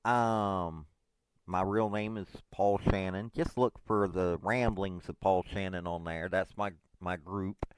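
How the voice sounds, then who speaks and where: A man's voice: low-pitched, fairly even intonation, slow pace, clear, resonant tone, no echo. A man in his forties, hosting his own podcast, rambles casually and self-deprecatingly, with lots of hesitant fillers. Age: 40s. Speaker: podcast host.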